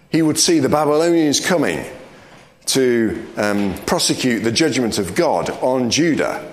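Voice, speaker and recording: A man's voice: mid-range voice, echoey room. A man leading a Bible study, explaining scripture and reading verses aloud. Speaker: Bible teacher.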